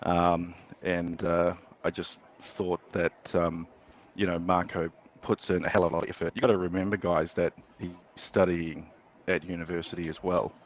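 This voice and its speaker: A man's voice: low-pitched, little pitch movement, moderate pace, slight background noise. A man calling into a live stream, talking casually and rambling with many fillers. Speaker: guest caller.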